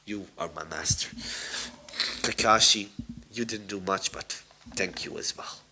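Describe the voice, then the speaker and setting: A man's voice: fairly low pitch, unhurried, sharp tone, slight background noise. A man voicing a brash young male ninja in a fan story he reads aloud, boastful and casual.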